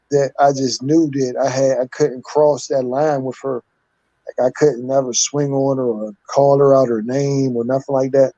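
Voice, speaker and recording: A man's voice: on the high side, mellow, no echo, highs cut off. A man in his fifties, a guest telling his life story candidly in a rambling, casual way. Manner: candid, rambling, street-talking with repeated "like".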